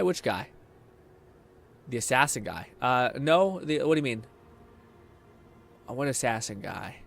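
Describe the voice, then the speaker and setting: Young man, casual game streamer, animated delivery, quick laughs, reads chat. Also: mid-range voice, gravelly. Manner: excitable, swears, laughs, reads chat aloud.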